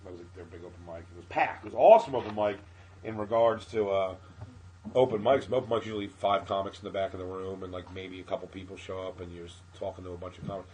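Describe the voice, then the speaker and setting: A man, a podcast guest telling a profane, animated comedic story and acting out his own shouting. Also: low-pitched, fast, slight background noise.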